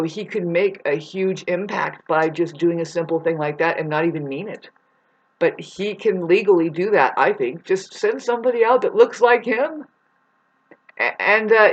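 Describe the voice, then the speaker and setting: A woman vlogger in a casual, rambling monologue who swears now and then and calls her listeners "babes.". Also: fairly low pitch. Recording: dull lo-fi recording.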